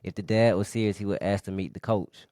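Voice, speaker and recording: A man reading listener comments aloud on a podcast in a steady, matter-of-fact way. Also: lowish voice, fast talker, no echo, clean studio sound.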